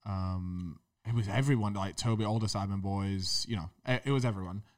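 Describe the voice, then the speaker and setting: A young man in a casual podcast chat, telling a story in slangy, animated bursts with lots of repeated fillers. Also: sits low, moderate pace. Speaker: podcast co-host.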